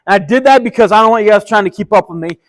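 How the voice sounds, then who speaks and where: A man's voice: high-pitched, rapid-fire, low-quality recording. A man preaching a casual sermon, retelling a story in a chatty, enthusiastic and slangy way. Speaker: pastor.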